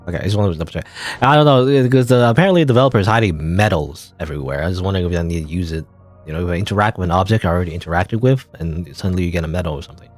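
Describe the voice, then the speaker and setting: A man's voice: deep voice, racing, soft background music. A man giving casual, playful commentary while playing an indie game, rambling and chuckling at the game. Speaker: gamer. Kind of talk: let's play commentary.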